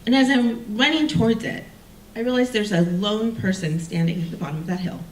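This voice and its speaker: A woman telling a personal story on stage, animated and self-mocking, acting out the people she quotes. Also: mid-range voice, fairly quick, a little hiss or hum. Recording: roomy sound from a distant mic with faint ambience.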